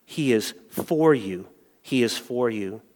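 A man preaching a sermon, swinging from hushed lines to loud exclamations. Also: medium pitch, animated, slow, in a large hall. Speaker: pastor.

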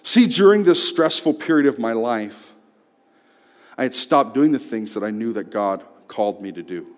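Animated man preaching in a reverberant hall. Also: mid-range voice, normal speed. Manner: animated, swings from loud outbursts to hushed tones. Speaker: preacher telling a personal story. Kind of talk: storytelling sermon.

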